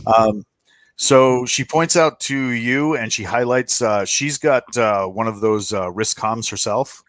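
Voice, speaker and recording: A man's voice: medium pitch, takes it slowly, fairly bright tone, no room sound. A man narrating a tabletop game as game master, in a loose, chatty way with many check-ins. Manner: loose, filler-heavy narration with frequent "right?" check-ins.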